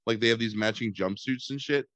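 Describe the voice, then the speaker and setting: A man's voice: mid-range voice, fairly quick, fairly bright tone, no echo. A man chatting casually as a podcast host about a movie, rambling and sarcastic, swearing and filling gaps with "um" and "like.". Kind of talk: casual chat.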